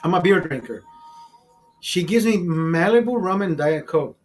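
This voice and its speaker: A man in his fifties telling a personal story in a profane, rambling, animated way, full of restarts. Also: high-pitched, a little slow, faint music behind. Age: 50s. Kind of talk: casual storytelling.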